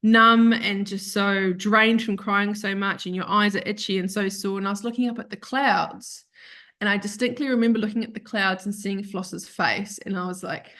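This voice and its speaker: A woman's voice: medium pitch, fairly even intonation, moderate pace, fairly bright tone. A woman, a podcast guest, telling a heartfelt personal story in a rambling, self-correcting way that turns tearful at times. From Australia.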